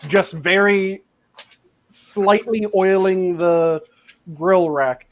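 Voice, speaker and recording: A man hosting a casual cooking chat over a video call, explaining techniques in a relaxed, profane way. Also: high-pitched, drawn-out words.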